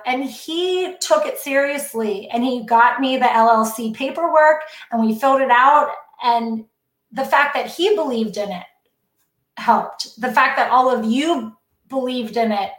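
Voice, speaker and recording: A woman's voice: fairly high pitch, unhurried, roomy sound. A woman educator, a podcast guest, telling her story in an effusive, emotional way. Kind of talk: casual podcast chat.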